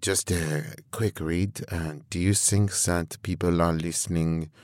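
A man's voice: sits low, measured pace, no room sound. A man playing a tabletop role-playing game, joking and bantering casually with the group. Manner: jokey, animated banter. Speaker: player.

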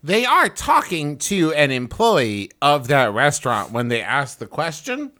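Brief: male co-host, bright edgy tone, deliberate deadpan delivery. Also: on the high side. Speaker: podcast co-host. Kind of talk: casual comedic chat.

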